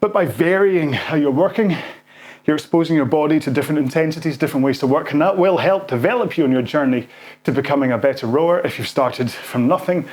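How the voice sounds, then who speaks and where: A man's voice: on the high side, quick pace, darkish tone. A man coaching a follow-along rowing workout while rowing himself, out of breath, counting strokes and encouraging.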